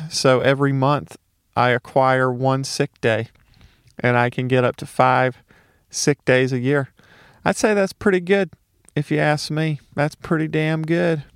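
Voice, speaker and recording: A man's voice: on the high side, clean tone, dry recording, clean studio sound. A man from Mississippi with a light Southern accent, doing a casual solo comedy monologue, ranting with profane, sarcastic asides.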